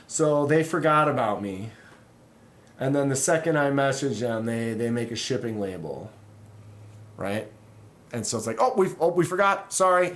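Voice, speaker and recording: Brief: male knife-channel host, mid-pitched, casual rambling rant with sighs, frustrated. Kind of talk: casual livestream chat.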